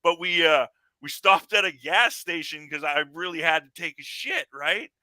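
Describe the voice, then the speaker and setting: A man's voice: fairly high pitch, normal speed, pushed and bright, dry recording, poor audio. A man with a Canadian accent hosting a podcast in casual chat, swearing freely and laughing often as he rambles through stories. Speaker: podcast host.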